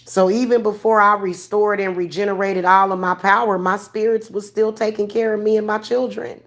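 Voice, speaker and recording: Woman vlogger, mid pitch, blunt and cursing, preaching at her viewers. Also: fairly even intonation, normal speed, a bit bright. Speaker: vlogger giving spiritual readings. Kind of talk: ranting monologue to viewers.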